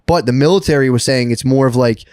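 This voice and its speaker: A man telling a long story on a podcast in a rambling, profane, excitable way. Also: medium pitch, fast, smooth, dry recording, studio quality. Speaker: podcast co-host. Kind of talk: casual storytelling chat.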